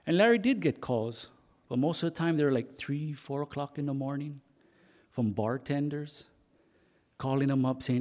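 A man preacher telling a story in his sermon, halting now and then and repeating words. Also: mid-range voice, darkish tone.

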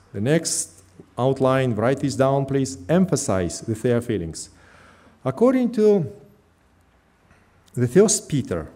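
A middle-aged pastor delivers a sermon, his voice rising and falling in lively swings. His tone is dark and mellow, and he leans earnestly on slow, stressed phrases. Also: mid-range voice. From Russia.

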